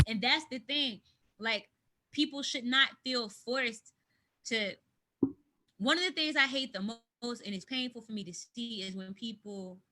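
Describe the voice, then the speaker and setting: An American woman speaks frankly as an interview guest, joining a candid conversation by video call from her home. Her voice is bright and slightly high, and she sounds plain and direct. Animated and emphatic, she says what she thinks and drives her points home with force.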